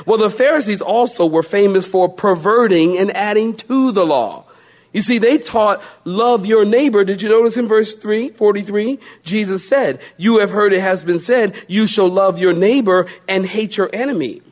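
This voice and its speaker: A male pastor preaching a sermon, drawing out key phrases and mocking self-pity with playful put-on voices. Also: high-pitched. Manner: drawn-out emphatic phrases.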